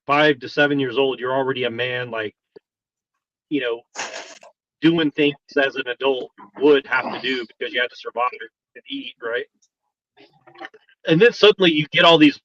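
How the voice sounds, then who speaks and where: Brief: thoughtful, halting man, mid pitch, dry and slightly muffled. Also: a bit bright, no echo. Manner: hesitant, thoughtful, with many restarts. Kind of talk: casual reflective chat.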